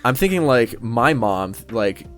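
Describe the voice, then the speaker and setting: With soft background music playing, a young man co-hosting a podcast recounts a story at a slightly slow pace in a mid-range voice. He's animated, swears freely, and performs the lines people said.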